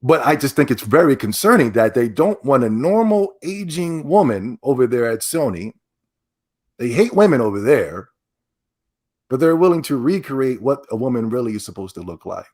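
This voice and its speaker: A man hosting a podcast, giving emphatic, animated commentary that repeats itself when he gets worked up and often breaks into laughter. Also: medium pitch, moderate pace. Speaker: podcast host. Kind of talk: ranting commentary.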